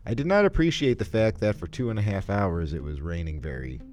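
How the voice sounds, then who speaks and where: A man's voice: deep voice, animated, a little fast, darkish tone. A young man co-hosting a podcast in casual chat, joking and teasing his co-host. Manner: joking, teasing, puts on bad accents.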